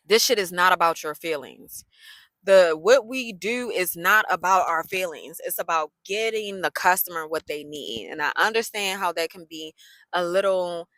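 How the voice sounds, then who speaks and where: A woman, telling a story in a casual vlog, sassy and animated. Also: on the low side, no room sound, low-quality recording. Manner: animated, sassy, loose colloquial talk.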